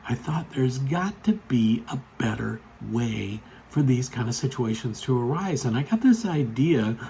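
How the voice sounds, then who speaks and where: Vlogger, male, mid pitch, rambling casual storyteller, gets worked up and loud. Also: measured pace, a little hiss or hum, rough recording. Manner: chatty, rambling, with frequent fillers; gets loud and excited when telling the story.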